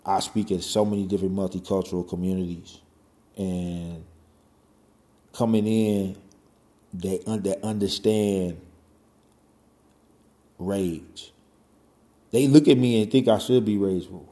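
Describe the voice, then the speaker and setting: Low and steady, a warm-toned man in his forties speaks at a measured pace with long pauses, recorded in an echoey room. His casual monologue drifts along, packed with "you know," "man," and free swearing.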